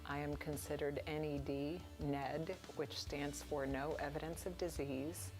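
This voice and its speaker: Woman with a low voice speaking slow and gentle, guitar music under it. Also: flat delivery. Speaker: cancer survivor sharing her story. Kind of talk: reflective testimonial. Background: soft guitar music.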